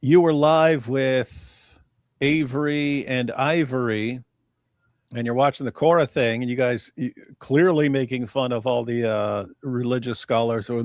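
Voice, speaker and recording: A man's voice: medium pitch, unhurried, dry recording, clean studio sound. A man co-hosting a casual livestream chat, telling stories with laughs and mocking asides. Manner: animated storyteller, laughing, slips into mocking voices. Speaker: co-host.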